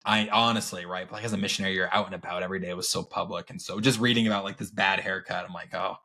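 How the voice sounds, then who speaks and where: A man in his thirties co-hosting a podcast, telling stories in an animated way and laughing often. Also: low-pitched, very fast, gravelly. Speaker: podcast co-host. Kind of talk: casual chat.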